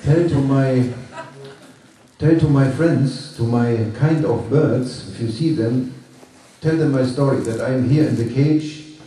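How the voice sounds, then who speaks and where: A man voicing a homesick male parrot in a cage, pleading in an earnest, halting way. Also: mid-range voice, mellow, slight background noise, natural voice. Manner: earnest, halting, repeats himself. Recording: echoey room from far off.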